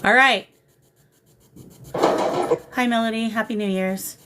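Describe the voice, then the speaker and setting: A woman hosting a live paranormal spirit session, coaxing the spirits and greeting her viewers in a warm, emotional way. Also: fairly high pitch, fairly even intonation, takes it slowly, heavy background noise. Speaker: paranormal livestream host.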